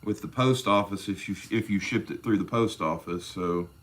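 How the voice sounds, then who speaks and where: Guy, lowish voice, rambling folksy livestream chat while he does leather work, calls everybody brother. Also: normal speed, a bit bright.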